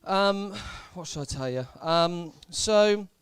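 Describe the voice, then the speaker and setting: A young man from Southampton doing a live stand-up set in a comedy club, deadpan and hesitant, full of fillers and repeats. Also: high-pitched, slow, clean tone. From Southampton, England.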